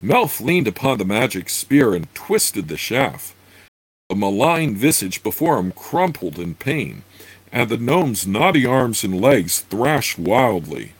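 A man reading a fantasy novel aloud, with unhurried asides full of fillers. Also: lowish voice, sing-song, husky, dry recording, poor audio. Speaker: reader.

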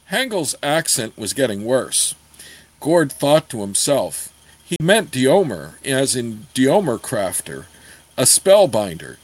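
A man reading a fantasy novel aloud in a steady storytelling manner. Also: medium pitch, slow, rough recording. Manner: steady storytelling, apologizes for page turns. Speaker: audiobook reader.

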